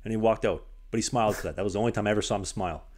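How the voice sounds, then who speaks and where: Man, young adult, podcast host, animated storyteller, slightly low voice. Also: racing. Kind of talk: casual podcast chat. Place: small apartment.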